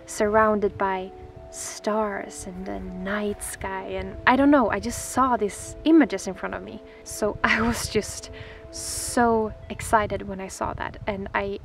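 A Swedish woman vlogging outdoors on a frozen lake, speaking in a gentle, dreamy, excitable way that sometimes drops softly toward a whisper. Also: mid-range voice, slow, soft background music, poor audio. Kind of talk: casual vlog talk to camera.

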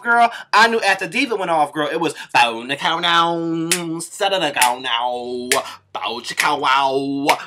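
A man's voice: high voice, sharp tone. A man doing a sassy, profane comedic gossip rant, tagging nearly every line with "girl". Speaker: vlogger doing a comic rant. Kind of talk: camp comedic gossip monologue.

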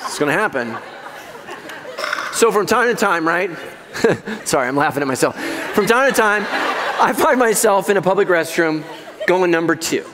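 A man's voice: sits high, animated, moderate pace, long pauses, long reverb tail, a crowd in the background, background noise. A middle-aged male pastor preaching a sermon in a church, conversational and joking, laughing at his own jokes. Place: church auditorium.

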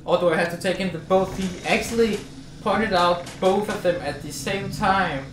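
A man's voice: sits high, normal speed, reverberant, distant mic, noisy background. A man commenting on a VR game as he plays, talking to himself and yelping when he gets frustrated. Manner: frustrated, talks to himself, yelps. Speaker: gamer. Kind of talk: let's play commentary.

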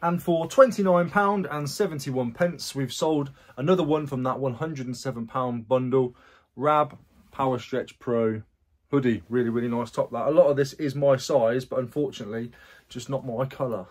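A man, chatting casually in a rambling vlog about his resale sales and his past. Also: mid-range voice. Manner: chatty, rambling, self-correcting asides. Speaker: online reseller.

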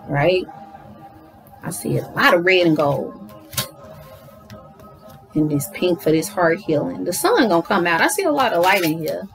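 Woman, card reader, casual and affirming, middle pitch, faint music behind. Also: low-quality recording. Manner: animated, talks to viewers as y'all, affirming. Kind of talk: casual spiritual card reading.

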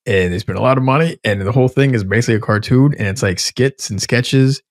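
A man's voice: medium pitch, fast, no echo, clean studio sound. A man in his thirties co-hosting a podcast in casual chat, rambling and swearing freely as he reviews shows. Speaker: podcast co-host.

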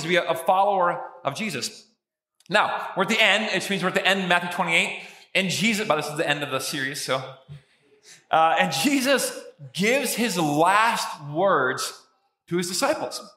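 A man's voice: high-pitched, pushed and bright. A man pastor giving a sermon in a conversational, joking storytelling way, in a church sanctuary. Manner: conversational, jokey storytelling preacher. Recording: echoey room with long reverb.

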